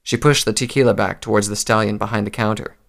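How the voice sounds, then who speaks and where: A man reading a story aloud in a calm, measured narration. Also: fairly low pitch, gravelly.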